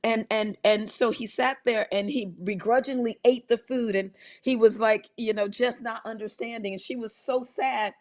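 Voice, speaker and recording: Middle-aged woman doc telling a family story, bit high voice, chatty, keeps restarting lines. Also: normal speed, hardly any pauses. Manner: animated storytelling with many restarts and "like". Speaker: doctor and health coach. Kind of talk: personal story in a health talk.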